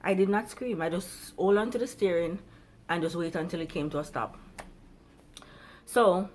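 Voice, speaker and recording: A woman vlogger with a somewhat low voice, speaking to camera about her own experience. She rambles and drifts off her point, then finds her way back, growing animated at times and going soft and low at others. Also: moderate pace, a little hiss or hum. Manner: rambling, jumps around then comes back; animated, turns quiet and low at emotional parts. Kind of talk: personal storytelling to camera.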